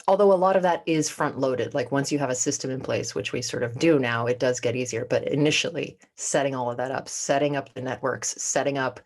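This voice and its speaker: A woman's voice: very deep voice, a little fast, hardly any pauses, a little mellow. A woman co-hosting a podcast in casual chat, joking and laughing often as she talks. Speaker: podcast co-host.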